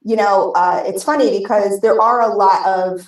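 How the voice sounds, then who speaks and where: A woman's voice: medium pitch, steady tone, moderate pace. American woman rambling on a podcast, lots of ums and restarts, sounds far off in an echoey room. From United States. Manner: rambling, full of restarts and fillers. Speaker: guest vape show host. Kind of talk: casual podcast chat. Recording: roomy, distant mic.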